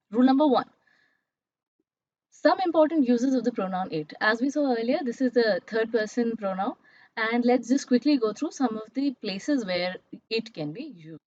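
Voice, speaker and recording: A woman's voice: on the high side, expressive, moderate pace, pauses often, darkish tone, no echo. A woman teaching a grammar lesson, explaining patiently and checking in with her students as she goes. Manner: explanatory, checks in with "all right?" and "right?". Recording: dull, slightly muffled dry recording.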